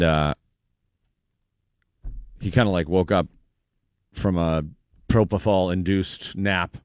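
A man hosting a radio morning show, chatting casually in a relaxed way with many fillers. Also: low-pitched, no echo, clean studio sound. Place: radio studio.

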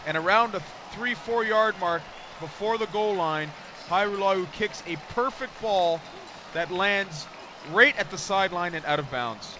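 A man giving colour commentary on a football radio broadcast, excitable and quick to exclaim. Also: sits high, dull audio, background noise. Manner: excitable, keeps exclaiming over the play.

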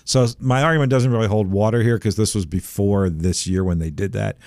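A man hosting a sports talk radio show, animated and emphatic, taking calls and arguing his points. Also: fairly low pitch, fairly quick, dry recording, clean studio sound. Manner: animated, emphatic, gets fired up.

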